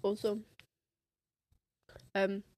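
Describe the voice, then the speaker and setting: A woman's voice: mid-range voice, monotone, drawn-out words, mellow, no echo. A teenage girl with an English accent, rambling through a casual solo podcast, full of fillers and restarts. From England. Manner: rambling, filler-heavy, self-interrupting. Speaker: podcast host.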